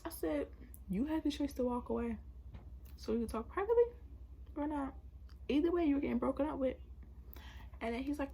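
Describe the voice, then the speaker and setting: A young woman vlogger telling a story casually and animatedly, acting out both sides of a conversation with loud bursts. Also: high-pitched, normal speed, creaky, pauses often.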